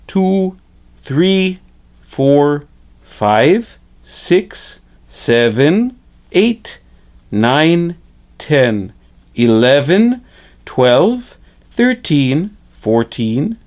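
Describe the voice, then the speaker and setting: A man's voice: fairly high pitch, darkish tone, voice pushed up, full character voice. A man voicing Frederick, a friendly male hand puppet who teaches puppetry basics on camera in a chipper way, often tagging "eh?". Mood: encouraging. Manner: chipper, says "eh?" a lot, slow and deliberate.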